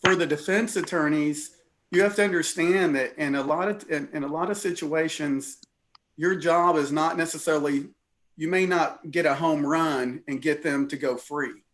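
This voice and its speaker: A man's voice: a little high, moderate pace, a bit bright. A man, serving as judge and giving plainspoken, encouraging feedback with dry humor over a video call. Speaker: judge presiding over a mock trial. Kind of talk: casual feedback to students.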